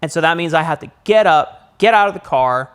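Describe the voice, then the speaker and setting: Animated young man telling a story. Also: brisk, smooth. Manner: animated storyteller, rises high acting out panic. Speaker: podcast co-host. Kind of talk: casual storytelling chat.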